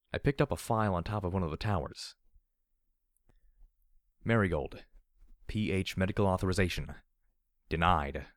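A man with a very deep, low voice reads first-person fiction aloud. His delivery is measured, in an audiobook style. The recording is dry and close, with no room echo. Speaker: audiobook narrator.

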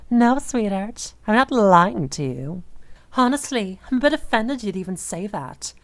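A young woman voicing an obsessive, possessive dominant woman in an audio role-play, speaking in a soft, slow, teasing murmur. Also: medium pitch, very animated, dry recording. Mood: possessive, crooning.

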